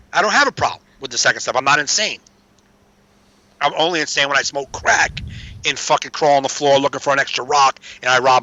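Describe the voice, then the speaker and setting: A man's voice: fairly high pitch, sharp tone, no room sound, lo-fi sound. A man telling recovery stories in a casual chat, streetwise and swearing freely. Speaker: podcast guest.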